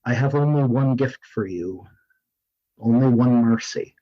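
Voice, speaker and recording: Dude playing blunt cold trader warrior, curt, kinda muffled lo-fi audio. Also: male voice, medium pitch, measured pace, mellow, dry recording, close to an everyday voice. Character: hard, blunt male wandering trader-warrior. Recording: dull lo-fi sound.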